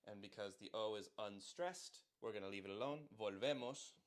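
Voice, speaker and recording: A man's voice: on the low side, moderate pace. Patient man teaching song lyrics. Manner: patient, repeats words and checks in with "right?". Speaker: language teacher. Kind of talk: explaining song lyrics line by line.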